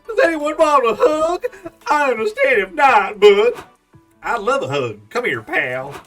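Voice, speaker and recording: A man voicing a huge, weepy, sweet-natured male bug monster in a high Southern accent, gushing and tearful. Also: very animated, unhurried, a bit bright, exaggerated voice. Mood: eager. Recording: distant mic with game music.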